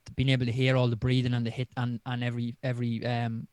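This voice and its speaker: Man, mid-pitched voice, dry close sound, easygoing casual co-host. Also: completely flat delivery, fast, a little mellow, smooth, no room sound. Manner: easygoing, agreeable, short replies. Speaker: podcast co-host. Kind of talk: casual live chat.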